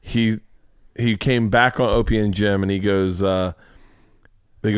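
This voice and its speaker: A man's voice: fairly low pitch, unhurried, pauses often, smooth, no echo, studio quality. A middle-aged man, a comedian hosting a podcast, chatting casually and acting out the people in his stories. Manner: animated storyteller, acts out quotes in a raised voice. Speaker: podcast host. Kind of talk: casual chat.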